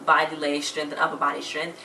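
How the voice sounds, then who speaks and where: A woman's voice: deep voice, monotone, fairly quick, bright, forceful tone, echoey room, far from the mic, slight background noise, rough recording. A woman chatting casually as she recaps a TV episode, retelling scenes with quoted lines.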